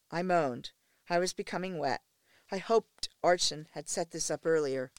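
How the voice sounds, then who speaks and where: A woman narrating a first-person erotic story in an intimate, steady reading voice. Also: on the low side, clear, resonant tone, no room sound. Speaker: audiobook narrator.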